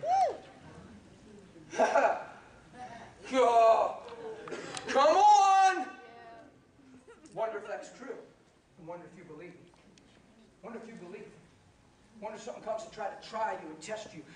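Animated preacher man, echoey hall. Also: sits high, slow, pauses often. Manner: animated, laughing, shouting at peaks. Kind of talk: sermon with storytelling. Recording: echoey hall from far off with crowd.

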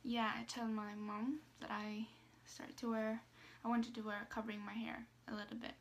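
Hesitant young woman, flat higher voice. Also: moderate pace. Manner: hesitant, many fillers and restarts, soft asides. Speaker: vlogger. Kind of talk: casual personal storytelling.

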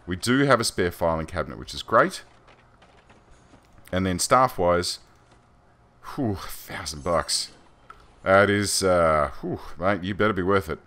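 An Australian man with a low-pitched, slightly bright voice hosts a let's play, giving chatty, rambling gameplay commentary in a loose, self-deprecating way.

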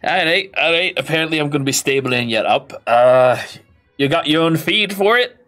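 A man's voice: on the high side, lively intonation, normal speed, a bit bright, faint music behind, voice pushed up. A man doing a lanky, laid-back half-dwarf stable hand. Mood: easygoing. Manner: laid-back, drawling, chatty.

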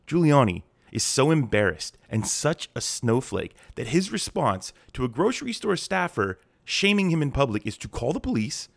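A man's voice: medium pitch, sing-song, moderate pace, creaky, few pauses, no room sound. A man hosting a political commentary show, narrating a script in a sarcastic, mocking tone.

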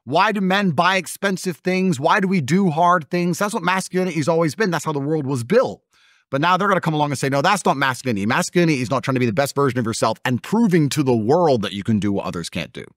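Blunt, mocking man with lively pitch. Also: quick pace, dry recording, studio quality. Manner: blunt, emphatic, mocking, acts out voices of others. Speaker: interview guest. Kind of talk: combative conversational interview.

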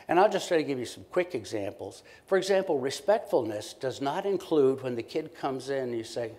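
A man, a professor, giving a conversational and animated keynote lecture to a conference audience. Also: mid-range voice, brisk. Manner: conversational, animated, acts out short quoted exchanges.

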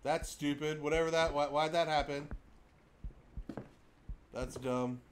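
Young man, game streamer, high voice, very lively delivery, excitable, laughing and yelling. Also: a little slow, long pauses, a little hiss or hum. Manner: excitable, laughing, shouting reactions. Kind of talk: live gameplay commentary.

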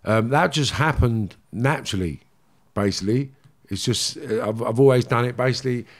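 A man's voice: medium pitch, normal speed. London guy, middle aged, blunt and swearing, gets emotional telling his story. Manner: emotional, blunt, swears freely, acts out dialogue. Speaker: guest, former gangster. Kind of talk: candid interview storytelling.

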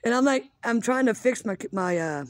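A woman's voice: fairly high pitch, lively intonation, moderate pace, no echo. A woman in her fifties ranting casually at home, rambling, swearing freely and poking fun at herself. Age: 50s. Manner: rambling, profane, self-mocking. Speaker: vlogger. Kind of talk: casual rant.

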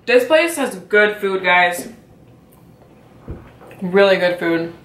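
Young woman vlogger, exasperated chatty rant over food, mid pitch, roomy echo. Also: lively intonation, slow pace, slight background noise. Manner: chatty, exasperated, lots of "like" fillers; talking while eating and chewing. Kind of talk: casual mukbang rant. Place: home, at a dining table. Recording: echoey room.

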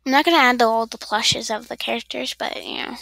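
A woman's voice: fairly high pitch, fast talker, gravelly, sharp tone, dry recording. A woman streamer chatting casually while playing a game, rambling and talking to her chat.

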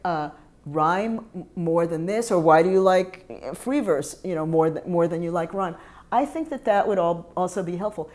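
A middle-aged woman who used to teach high school talks about her teaching, her voice swinging widely in pitch. She acts out little classroom exchanges as she goes and lets her feelings show. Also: a little mellow. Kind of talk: casual interview talk about teaching poetry.

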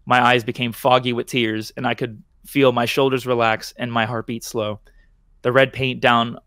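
A man's voice: mid-range voice, fairly bright tone, no echo, studio quality. Male podcast host reading a horror story. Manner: stumbles and restarts, laughing at slips.

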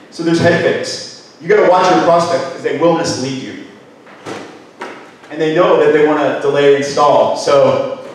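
A man's voice: on the high side, a little hiss or hum. A man giving a live workshop talk, asking his audience many questions. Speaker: workshop speaker. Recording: echoey hall, mic far off.

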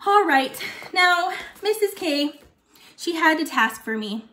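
A woman's voice: very high voice, animated, slow pace, noisy background, heavily acted. A woman voicing a forgetful old lady who teaches young children, chatting while chewing candy. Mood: chatty. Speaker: guest teacher for a kindergarten class. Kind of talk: playful video lesson for young children.

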